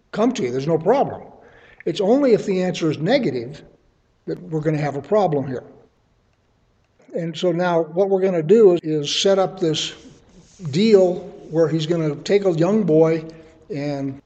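A man's voice: a little high, a little mellow. A middle-aged man teaching the Bible verse by verse, reading passages aloud and then explaining them in casual, everyday terms.

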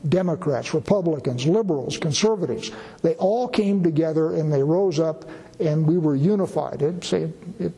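A man's voice: a little high, moderate pace, creaky, dark tone, breathy edge. A man, a pastor, preaching a folksy, conversational sermon with asides to a gathered congregation. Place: church gathering in a borrowed building. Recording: long reverb of a hall.

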